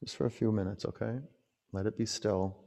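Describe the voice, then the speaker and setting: A man teaching a yoga class, calling out poses and chatting in a relaxed, rambling way between cues. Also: lowish voice, a little fast, gravelly, long reverb tail.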